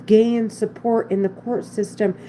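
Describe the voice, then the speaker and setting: A woman's voice: mid-range voice, level tone, a little slow, warm tone, a little hiss or hum, poor audio. A woman talking in a casual monologue to the camera, rambling anxiously and repeating herself with frequent restarts. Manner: rambling, repetitive, restarts often; anxious, insistent. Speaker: vlogger.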